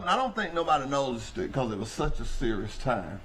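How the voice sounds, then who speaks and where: A man with a hoarse voice, hosting a local trucking company show in a folksy, rambling manner. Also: mid-range voice, sing-song, fairly quick, fairly bright tone, slight background noise. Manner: folksy, rambling, preacher-like address to the audience. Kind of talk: casual talk show monologue.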